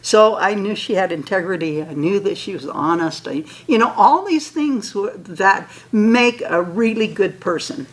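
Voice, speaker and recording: An older woman telling a story to an audience in a casual, animated way, laughing and acting out both sides of old conversations. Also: medium pitch, normal speed, few pauses, poor audio. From Utah.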